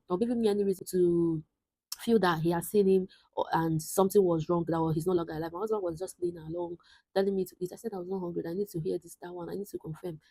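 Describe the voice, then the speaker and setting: A young woman in her twenties speaks with a husky, mellow voice that sits a little low. She talks to camera in an earnest, reflective way, pausing and restarting as she works through a personal story. The sound is close and dry, with no room around it. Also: dry recording, low-quality recording. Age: 20s. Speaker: vlogger.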